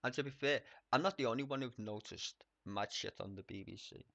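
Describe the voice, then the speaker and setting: Guy ranting on his stream, swears a ton, bright voice, dead dry mic. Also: mid-range voice, fairly quick, gravelly, dry recording, lo-fi sound. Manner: swears a lot, laughs, animated and mocking. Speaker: live streamer. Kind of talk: casual political rant on a live stream.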